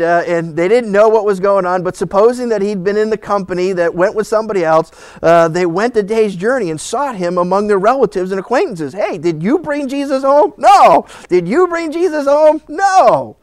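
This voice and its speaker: Middle-aged guy preaching, high voice, dry close sound, acts out the story. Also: dry recording. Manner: animated storytelling, acting out voices with laughs. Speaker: pastor. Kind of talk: Bible teaching sermon.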